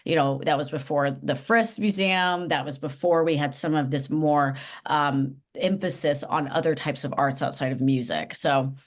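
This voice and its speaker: Woman, nonprofit leader, deep for her sex, thoughtful and sincere interview guest. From Los Angeles, US West Coast. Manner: earnest, reflective storytelling. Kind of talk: podcast interview.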